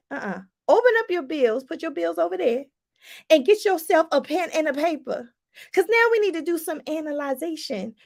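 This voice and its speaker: Animated high-voiced woman life coach. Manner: animated, preachy, addresses viewers as y'all. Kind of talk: motivational livestream talk.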